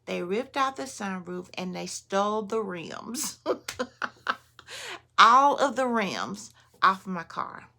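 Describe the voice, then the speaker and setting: A woman vlogger telling a story in a casual, animated way, often laughing and talking straight to her viewers. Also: medium pitch, takes it slowly, vocal fry, pauses often.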